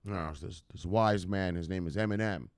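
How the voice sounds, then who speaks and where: A man's voice: sits low, normal speed, smooth, no echo, studio quality. A man hosting a crypto news show, giving hyped and profane casual market commentary straight to his viewers.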